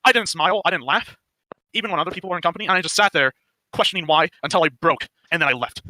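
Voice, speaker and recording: A man's voice: a little high, rapid-fire, bright, forceful tone, dry recording, low-quality recording. A man confronting a former group leader over a voice call, hurt and emotional.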